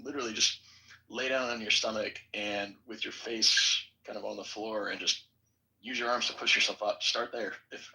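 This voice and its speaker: A man's voice: on the low side, vocal fry, bright, forceful tone, low-quality recording. A man hosting a casual podcast, rambling with lots of fillers and poking fun at himself. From United States. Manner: rambling, self-deprecating, many fillers. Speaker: podcast host. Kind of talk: casual group chat.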